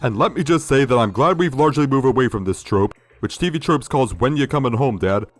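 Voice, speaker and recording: Sardonic male video critic, mid pitch, dry close sound. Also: lively intonation, fairly quick, dry recording, faint music behind. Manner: sardonic, profane. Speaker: video essay host. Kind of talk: critical review commentary.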